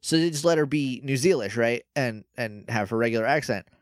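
A man's voice: medium pitch, a little fast, no echo, clean studio sound. A man co-hosting a podcast in casual chat, rambling and sarcastic. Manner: rambling, sarcastic, acts out quotes. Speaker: podcast co-host.

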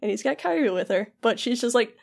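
Speaking in a fairly high, animated voice with vocal fry and a slightly mellow quality, a young podcast co-host recaps a video game. Her storytelling rambles and is heavy with fillers, broken up by quick asides where she voices the characters.

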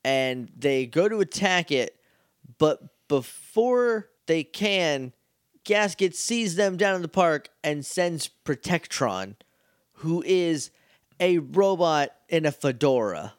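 Higher-voiced man recapping an episode. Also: expressive, takes it slowly, clear, resonant tone, no room sound, clean studio sound. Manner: chatty, recounts scenes with playful quotes. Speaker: podcast co-host. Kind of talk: casual episode recap chat.

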